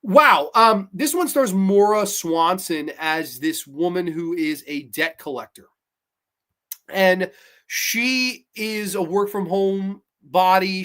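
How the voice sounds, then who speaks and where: A man hosting a podcast, talking through a horror episode in a casual, animated way, with lots of restarts and blunt asides. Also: sits high. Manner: animated and chatty, many restarts, asks "right?". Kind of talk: casual spoken review.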